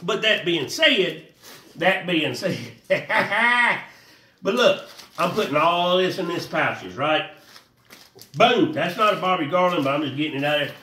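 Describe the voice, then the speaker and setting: Male vlogger, high and lively, rambling casual delivery, echoey room, mic at a distance. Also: unhurried. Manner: rambling, animated, talks to viewers as y'all. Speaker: fishing vlogger. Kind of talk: casual how-to vlog. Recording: roomy echo, voice a bit off-mic, faint noise.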